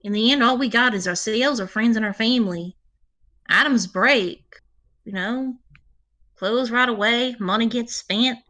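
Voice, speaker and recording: A woman player in a tabletop role-play, talking casually and warmly about her character. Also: fairly high pitch, measured pace. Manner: casual, affectionate, in-character asides.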